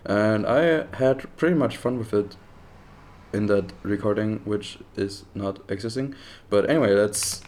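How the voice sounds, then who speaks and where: A man's voice: lowish voice, a little slow, darkish tone. Offhand German man, swears freely. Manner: frustrated, profane, offhand. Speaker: vlogger testing a phone AI agent. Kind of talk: casual commentary.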